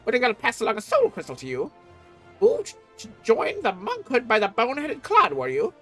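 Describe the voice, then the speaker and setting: A haughty, sharp-tongued scholar from a video game, speaking in a high voice that leaps all over the place. The delivery is crisp and disdainful, as if everyone around is beneath her notice. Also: huge pitch swings, normal speed, faint music behind, exaggerated voice. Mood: condescending.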